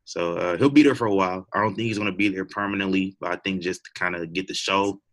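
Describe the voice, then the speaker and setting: A man's voice: low voice, fairly even intonation, fast talker, fairly bright tone. A young man co-hosting a podcast, chatting casually and rambling with lots of fillers and laughs. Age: young adult. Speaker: podcast co-host. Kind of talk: casual wrestling chat.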